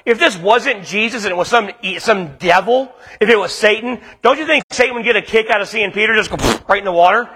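Male pastor, high bright voice, casual preaching with acted asides, long hall reverb. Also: brisk, hardly any pauses, slightly rough. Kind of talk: sermon.

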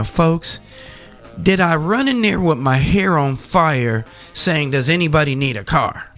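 On his radio show, a middle-aged man tells lighthearted stories and talks directly to listeners in a relaxed, chatty way. His pitch is medium and his tone fairly bright.

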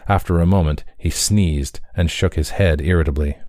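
A man reading a story aloud in a measured, even storytelling manner. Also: deep voice, no echo, clean studio sound. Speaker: reader. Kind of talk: audiobook narration.

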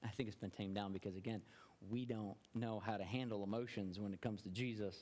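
A man's voice: on the low side, fairly even intonation, fairly quick, a little mellow. Earnest man preaching in a reverberant hall. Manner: earnest, repeats words while searching for them. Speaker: pastor. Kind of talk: sermon.

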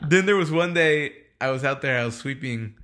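A man's voice: medium pitch, animated, fairly quick, a bit bright. A young man casually telling rambling, profane work stories, with lots of "like" and cursing. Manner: rambling and profane, heavy use of "like". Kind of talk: casual chat, storytelling.

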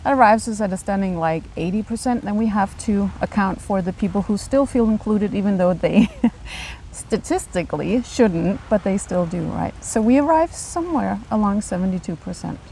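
Animated Danish woman with a mellow voice. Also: medium pitch, normal speed, a little hiss or hum, low-quality recording. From Denmark. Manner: animated, emphatic, laughs often. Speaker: architect and urban planner, podcast guest. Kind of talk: casual conversation.

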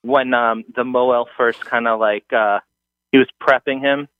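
A man's voice: mid-range voice, fairly even intonation, unhurried, no room sound. A man in his thirties calling in and telling a story in a rambling, hesitant way, full of fillers. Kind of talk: casual phone-in storytelling. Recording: tinny dry phone line.

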